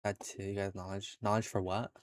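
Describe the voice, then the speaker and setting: A man's voice: lowish voice, flat delivery, a little fast, dry recording, studio quality. A young adult man streaming from home, chatting casually with his viewers in a laid-back way, laughing often and swearing now and then. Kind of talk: casual chat with live viewers.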